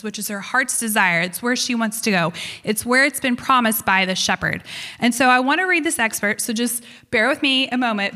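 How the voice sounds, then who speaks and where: A woman speaking into a handheld microphone, giving a relaxed, conversational sermon with a fairly high, bright voice. Her words ring out with a long reverb in a large room. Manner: conversational, with rhetorical "right?". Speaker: speaker at a faith gathering. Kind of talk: sermon with a book reading.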